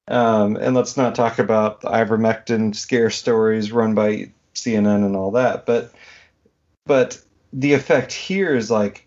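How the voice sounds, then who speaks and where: A man's voice: lowish voice, fairly even intonation, a little slow, a little mellow. A man hosting a podcast, talking in a rambling, questioning way full of "you know" and "like". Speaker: podcast host. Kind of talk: casual podcast conversation. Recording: dull lo-fi podcast audio.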